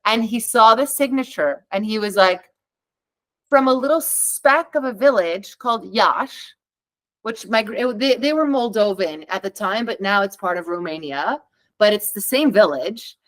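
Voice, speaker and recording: A woman's voice: mid-range voice, expressive, moderate pace, poor audio. A woman guest on a podcast, telling her own story in a candid, chatty way and acting out the dialogue she quotes. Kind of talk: conversational storytelling.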